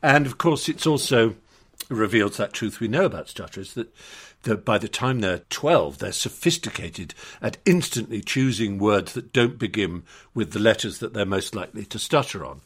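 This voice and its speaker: Husky older Englishman telling anecdotes. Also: lowish voice, animated, normal speed, a bit bright. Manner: articulate, anecdotal, with frequent restarts. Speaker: guest. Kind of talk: conversational storytelling.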